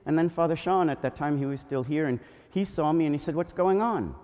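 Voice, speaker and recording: A male priest giving a children's homily at a family Mass, telling a story with lively energy and asking the children questions. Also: fairly high pitch, fast. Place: church. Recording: long church reverb.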